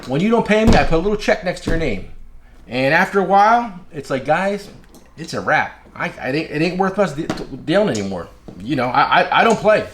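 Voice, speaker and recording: Brash high-voiced man, blunt dealer talk. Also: very animated, a little fast, noisy background. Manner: blunt, brash, repeats key phrases. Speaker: independent tool dealer. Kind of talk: casual advice talk.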